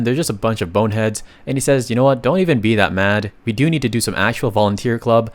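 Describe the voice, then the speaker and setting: A man's voice: mid-range voice, fast talker, few pauses. A man casually narrating a comic recap, reading the characters' lines aloud and adding offhand asides. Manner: chatty, reads dialogue aloud with asides.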